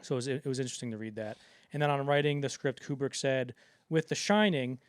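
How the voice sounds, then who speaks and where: A man's voice: medium pitch, steady tone, fast, clear, resonant tone, no echo. A man co-hosting a film podcast in casual chat, rambling with lots of fillers and acting out the quotes he retells. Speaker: podcast co-host.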